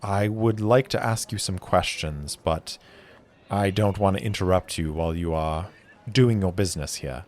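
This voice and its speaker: A man's voice: sits low, normal speed, lightly acted. A man voicing a reserved, polite young adventurer who now works as a mercenary. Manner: quiet, polite.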